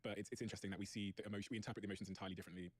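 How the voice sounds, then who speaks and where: A man taking part in a casual debate, speaking very fast and making even, analytical points. His voice sits fairly low. The sound is dry and close. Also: slightly rough, no room sound.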